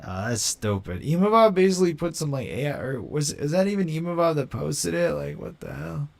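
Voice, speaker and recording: Slangy young man, slightly high voice. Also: very animated, vocal fry. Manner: slangy, rambling, quick to mock. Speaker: livestream host. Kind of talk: casual live commentary.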